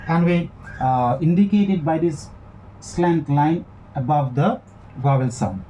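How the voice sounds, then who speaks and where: A man giving a classroom lecture, speaking in a measured way that repeats and rephrases each point. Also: on the high side, dark tone, a little hiss or hum, poor audio. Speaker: English literature lecturer.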